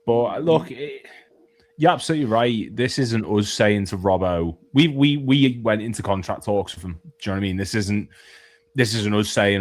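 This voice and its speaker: A man's voice: on the low side, brisk. A man co-hosting a casual football live stream, analytical and quoting stats, swearing now and then. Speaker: co-host pundit.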